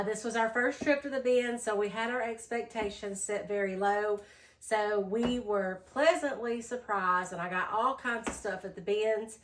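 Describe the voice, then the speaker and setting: A woman vlogging a casual thrift haul, chatty and tired, low on energy after being sick, with lots of "um"s. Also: slight background noise. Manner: chatty, says "y'all", many "um"s.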